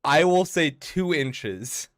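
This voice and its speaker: A man's voice: on the high side, expressive, slow pace. A man running a tabletop role-playing game as game master, casual with many fillers and laughs.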